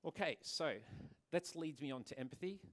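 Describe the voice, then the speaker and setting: At a conference venue, a man who owns a hair salon gives an earnest talk to the audience, often repeating words as he restarts. His voice is fairly high and his pace moderate.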